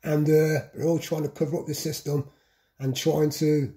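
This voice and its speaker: A man's voice: a little high, level tone, moderate pace, dark tone. A man talking in a repetitive, insistent vlog monologue, piling up long lists. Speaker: vlogger. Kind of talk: monologue to camera.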